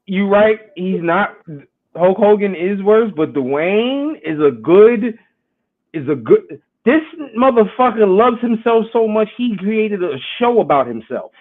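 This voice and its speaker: A man with a high voice speaks over a thin, phone-like line. He joins the podcast chat bluntly, swearing often and stressing his points. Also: animated, measured pace. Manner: blunt, profane, emphatic. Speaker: podcast co-host. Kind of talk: casual chat.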